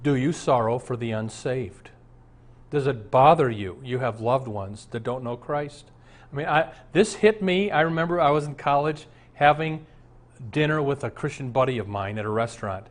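A man's voice: medium pitch, animated, moderate pace. A man in his sixties, a pastor, preaching an earnest, conversational sermon full of rhetorical questions.

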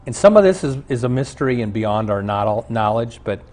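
A man's voice: mid-range voice, lively intonation, brisk, darkish tone. A man who is a pastor, teaching a Bible lesson on a show and telling stories from his own life in an earnest preaching manner.

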